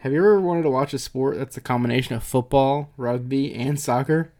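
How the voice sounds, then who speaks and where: A man's voice: mid-range voice, fairly quick, a little mellow. A young man co-hosting a sports podcast, laid-back and teasing in casual banter. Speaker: podcast co-host.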